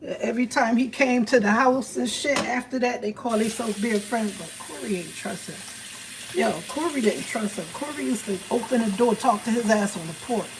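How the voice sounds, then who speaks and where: A woman with tells a story on her livestream in an animated, profane way. Her voice sits a little high, and she acts out each person she quotes. Faint background noise hums under her. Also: moderate pace. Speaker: livestream host. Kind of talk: casual storytelling.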